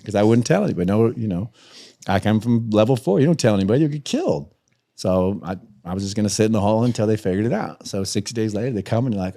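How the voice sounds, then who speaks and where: Low-ish male voice, podcast guest spinning a yarn, lively, cusses a lot, laughs along, goes way high when he mimics folks. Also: fast talker, vocal fry. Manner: animated, jumps high in pitch when acting out other people; swears freely, laughs through his own stories. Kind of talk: storytelling in a podcast interview.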